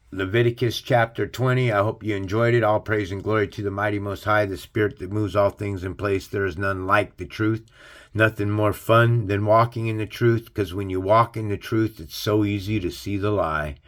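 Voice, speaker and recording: A man's voice: lowish voice, steady tone, moderate pace. A man hosting a casual religious commentary, preaching in a blunt, profane way. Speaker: host of a religious commentary channel.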